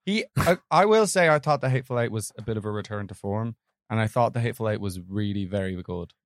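A man's voice: lowish voice, animated, quick pace, no echo. Dry-sounding chatty film podcast man. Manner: rambling, laughs often. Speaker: podcast co-host. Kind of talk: casual film chat.

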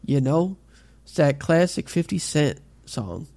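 A man's voice: fairly high pitch, animated, unhurried, a little mellow, no room sound. A man co-hosting a podcast, casually recapping an episode with lots of fillers and swearing. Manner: rambling recap with many "uh"s and profanity. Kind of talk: casual chat.

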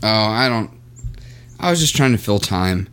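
Male podcast co-host, animated and reactive, loose casual talk. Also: on the low side, clean tone. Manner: lively, quick reactions, swearing. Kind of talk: casual chat.

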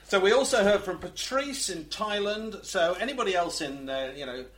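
A middle-aged man rambles through stories on a podcast, often restarting his sentences. His voice sits a little high and swings up and down in a lively way. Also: moderate pace, a crowd in the background. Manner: rambling, hesitant storytelling with restarts. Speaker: podcast co-host. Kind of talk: casual podcast chat.

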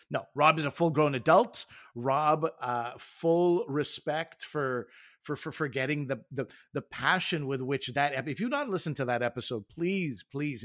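A man's voice: medium pitch, fairly bright tone, dry recording, studio quality. Joking man co-hosting a podcast. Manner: joking, teasing. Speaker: podcast co-host. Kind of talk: casual chat.

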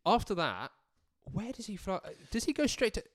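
A man's voice: high-pitched, moderate pace, no echo, clean studio sound. A man co-hosting a casual football podcast who tells stories in a playful, jokey way. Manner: animated storytelling, playful, jokey. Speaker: podcast co-host.

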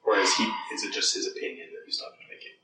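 Male player, low voice, distant mic, echoey. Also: racing, heavy background noise. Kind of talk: tabletop role-play chat.

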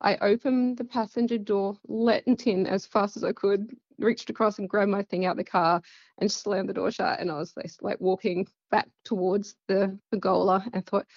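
A woman's voice: mid-range voice, steady tone, moderate pace, gravelly, darkish tone, no room sound, dull audio. A woman with an Australian accent, telling a personal story in a casual, rambling way full of fillers. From central west Queensland, Australia. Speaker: guest.

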